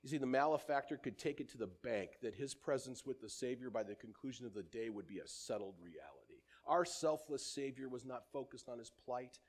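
Man, preacher, sermon, earnest, mid-pitched voice, quotes old-fashioned scripture. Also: expressive, a little fast, hardly any pauses. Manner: earnest preaching, quoting scripture in older English, soft drops at line ends.

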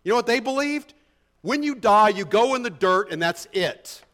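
High-voiced man preaching a conversational sermon. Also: animated, normal speed, fairly bright tone. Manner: conversational and emphatic, with rhetorical questions. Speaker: pastor. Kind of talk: expository sermon.

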